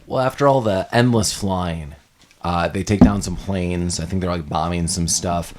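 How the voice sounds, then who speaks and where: A man's voice: low voice, normal speed, darkish tone, slight background noise. A man co-hosting a podcast, rambling through a casual movie recap and acting out the scenes he describes. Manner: rambling storyteller, acts out scenes. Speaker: podcast co-host.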